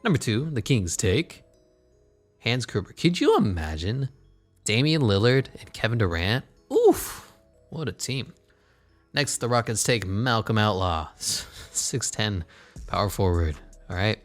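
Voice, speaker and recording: A man's voice: fairly low pitch, big pitch swings, measured pace, soft background music. A man commentating his basketball video game in a casual, sarcastic way, swearing and muttering asides. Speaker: gaming channel host.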